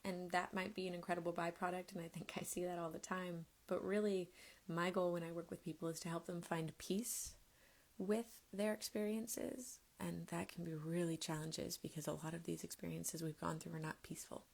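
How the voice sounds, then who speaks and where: Woman, somatics coach, gentle and unhurried, low pitch with a gravelly edge, live-stream teaching. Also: flat delivery.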